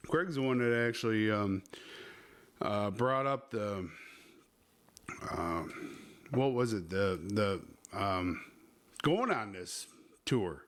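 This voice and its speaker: A man's voice: fairly low pitch, lively intonation, takes it slowly, long pauses, a bit bright. A man hosting a podcast, telling a rambling, crude story full of swearing. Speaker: podcast host.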